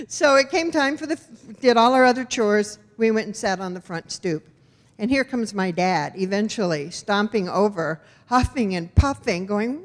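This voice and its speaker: A woman from rural Iowa tells a personal story with a wry, expressive delivery. Her voice sits in a middle pitch range. A long hall reverb trails her words. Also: normal speed. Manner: wry, expressive, animated in punchlines. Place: storytelling event venue.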